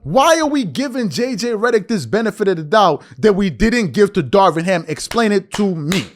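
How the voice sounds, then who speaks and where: A man's voice: high voice, normal speed, faint music behind. A man hosting a podcast, delivering a heated, confrontational sports commentary rant and calling his listeners out. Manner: animated, confrontational, mocking, calls listeners out. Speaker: podcast host.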